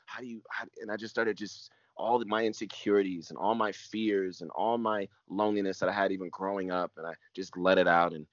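A man's voice: low voice, fairly even intonation, a little fast, few pauses, no room sound, muffled recording. A man, a pastor, giving an emotional personal testimony in an earnest way, repeating phrases and sometimes dropping almost to a whisper.

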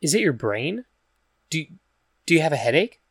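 A man voicing a caring, determined woman in a storybook reading who asks gentle questions and sometimes speaks in a hush. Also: fairly high pitch, sing-song, moderate pace, husky, no room sound, studio quality, voice pushed up, full character voice. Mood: gently probing. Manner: gentle questioning, hushed at times.

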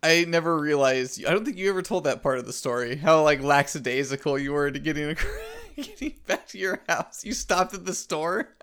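A man's voice: fairly high pitch, very animated, brisk, a bit bright, clean tone. A man co-hosting a casual show, chatting with enthusiastic, friendly banter. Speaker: co-host. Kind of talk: casual podcast chat.

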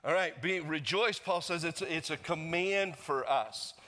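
A man's voice: on the high side, a little slow, bright, forceful tone. A man preaching a sermon as the pastor, earnest and leading the congregation in reading aloud. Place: church sanctuary. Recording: long reverb of a church hall.

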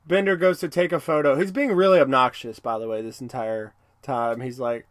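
Recapping a cartoon episode in casual chat, this male podcast co-host talks fairly quickly in a steady, medium-pitched voice. He rambles, laughs often, and does silly voices for character quotes, all in a dry, clean studio recording.

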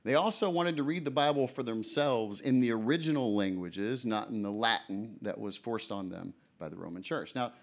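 A man's voice: fairly low pitch, normal speed, few pauses. A male preacher giving a sermon in a conversational way, often asking the audience questions.

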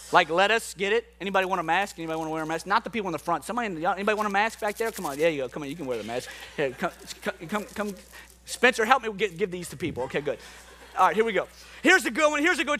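A man preaching a sermon as pastor, joking playfully with the congregation before turning to scripture. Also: high-pitched. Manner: playful, jokey and animated with the crowd. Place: church hall with a congregation.

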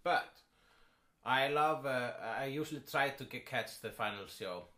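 Deadpan halting man in an echoey room. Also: mid-range voice. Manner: deadpan, halting with many restarts. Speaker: podcast co-host. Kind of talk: casual comedic chat.

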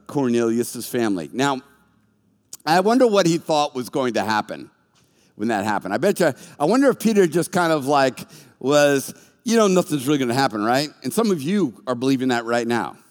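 A man preaching a sermon as a pastor, telling stories with animation and acting out the voices of the people in them. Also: mid-range voice. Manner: animated storytelling, acts out voices. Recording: long reverb of a large hall.

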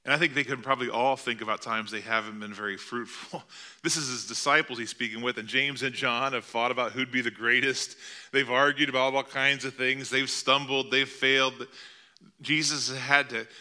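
Male pastor, middle-aged, very bright tone, earnest conversational sermon delivery. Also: mid-range voice, steady tone, moderate pace. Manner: earnest, conversational preaching with rhetorical questions.

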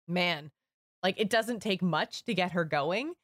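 A woman co-hosting a podcast in casual, animated chat. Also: lowish voice, dry recording. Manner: chatty, animated, quick asides. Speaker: podcast co-host.

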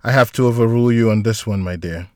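A man doing a firm woman doctor who lays down the rules, voice lifted a little and pushed louder than his narration, clipped and insistent. The sound is dry and close to the mic. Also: medium pitch, moderate pace, no echo, close to an everyday voice.

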